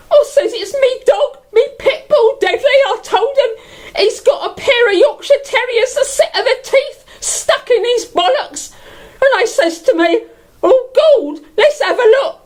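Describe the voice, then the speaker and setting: In a character stand-up monologue, a woman plays a bawdy, homeless London bag lady who is cheeky and chatty. Her very high voice is giggly, often laughing through the words, as she rambles gossipily with plenty of fillers.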